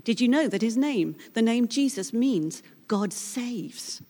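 A woman preaching a sermon in an earnest, dramatic way, moving between hushed and loud passages. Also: fairly high pitch, lively intonation, slow. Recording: long hall reverb.

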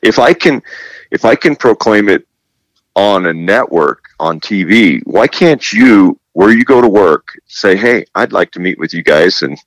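A man interviewed as a guest, telling animated stories and acting out the dialogue he quotes, often repeating himself and restarting. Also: on the low side, unhurried, dry recording, poor audio. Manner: animated storyteller who acts out quoted dialogue. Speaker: guest, television presenter. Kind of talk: casual faith interview.

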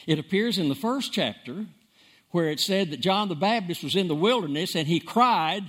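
A man preaching with a high, lively voice that climbs and dips all over. He hammers key words by repeating them and swings from loud bursts to hushed lines. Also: normal speed. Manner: emphatic, repeats words for stress, dramatic swings in loudness. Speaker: pastor. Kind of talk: sermon.

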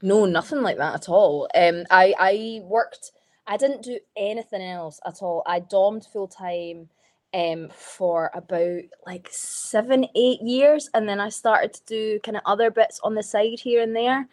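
A woman's voice: medium pitch, unhurried. A Scottish woman, a podcast guest in casual chat, telling stories frankly with lots of swearing and "like". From Scotland.

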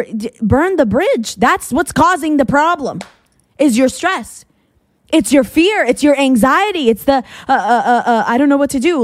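A woman's voice: medium pitch, no room sound, studio quality. A woman speaking as a Christian preacher to her listeners, fervent and full of repeated restarts.

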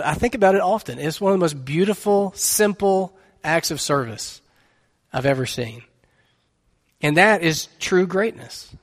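A man's voice: a little high, long reverb tail. A man preaching a sermon as pastor, telling a story in an earnest, conversational way.

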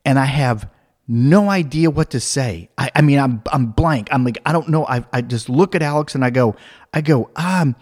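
A man telling a comic personal anecdote, animated, acting out the other people's voices and laughing as he goes. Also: medium pitch, normal speed. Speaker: storyteller.

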